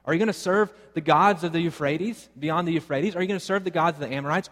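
Male pastor, sermon, fairly high voice, long hall reverb, emphatic repeated questions. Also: fast talker, hardly any pauses, a bit bright. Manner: rhetorical questions, emphatic repetition.

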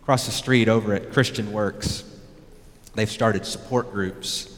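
A male pastor preaching a sermon emphatically, his voice swinging from loud peaks down to low, quiet lines. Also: fairly even intonation, measured pace. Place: church sanctuary. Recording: long reverb of a church hall.

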